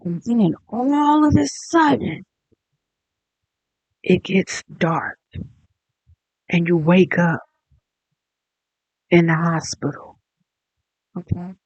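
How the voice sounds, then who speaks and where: An online commentator delivering a mocking, profane rant that spins into a drawn-out, taunting made-up story. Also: medium pitch, a little mellow, no room sound.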